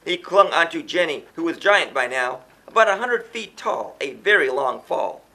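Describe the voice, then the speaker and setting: A man's voice: a little high, bright, forceful tone. A man reading a rhyming children's story aloud in a sing-song way, chanting the refrains.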